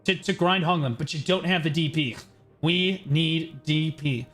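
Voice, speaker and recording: A male streamer with a fairly high voice explains game mechanics in a brash, blunt rush. He swears freely and keeps checking in with "okay" between points. Faint game music plays behind him. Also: fairly bright tone. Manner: brash, profane, explains in quick bursts with many "okay"s. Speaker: streamer giving a game gearing guide. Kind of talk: casual livestream commentary.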